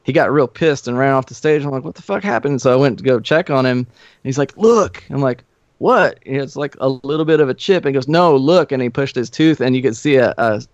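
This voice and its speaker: A man guesting on a podcast spins rowdy road stories in a loose, profane way, slipping into quick impressions of the people in them. His voice sits at an ordinary pitch. The sound is dull and muffled, dry and close. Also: steady tone, no room sound. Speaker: guest musician. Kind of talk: casual storytelling chat.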